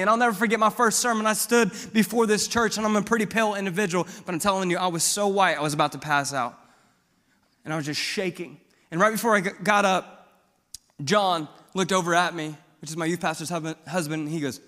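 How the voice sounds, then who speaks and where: Young guy pastor from missouri, high bright voice, telling his story then really preaching it, big echoey church. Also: a little fast. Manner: builds from quiet storytelling to loud preaching. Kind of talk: sermon with personal testimony. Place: church sanctuary.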